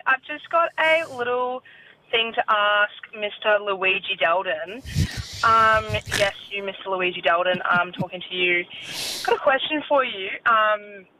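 A woman's voice: mid-range voice, pushed and bright, no room sound. A woman calling in to a podcast, leaving a playful, sweary voice message. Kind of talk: casual phoned-in message. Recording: dull lo-fi phone line.

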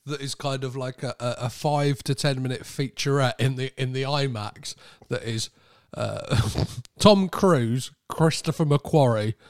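A man's voice: medium pitch, measured pace, few pauses, no echo, clean studio sound. A man co-hosting a film podcast in casual chat, rambling and laughing as he tells bits. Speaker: podcast co-host.

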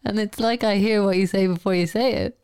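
A woman's voice: mid-range voice, fairly even intonation, a little fast, over a noisy crowd. A woman co-hosting a podcast, laughing often and teasing her co-host in casual chat.

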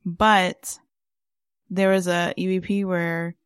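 A woman's voice: lowish voice, little pitch movement, slow, clean tone, no room sound, clean studio sound. A woman co-hosting a podcast in casual chat, rambling with lots of fillers. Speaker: podcast co-host.

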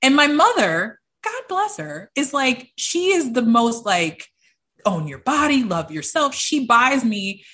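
A young woman, an interview guest, telling personal stories in an animated way and acting out the voices of the people she quotes. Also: on the high side, slow. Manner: acts out quoted voices, lively. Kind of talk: animated storytelling.

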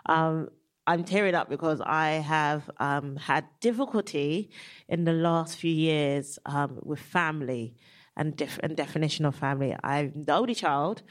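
A woman comedian, a guest on a live podcast, tearful and hesitant with many pauses. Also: low-pitched. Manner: hesitant, full of ums.

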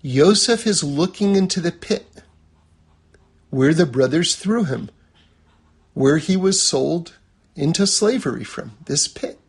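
Male religious teacher, high husky voice, relaxed conversational lecturing with everyday examples. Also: slow pace, pauses often.

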